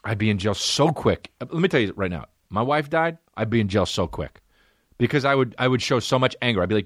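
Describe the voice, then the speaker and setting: A man hosting a comedy podcast, ranting in a profane, excitable way and jumping into loud yelling bits. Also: mid-range voice, fast talker, no room sound, studio quality. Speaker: podcast host. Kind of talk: casual comedic monologue.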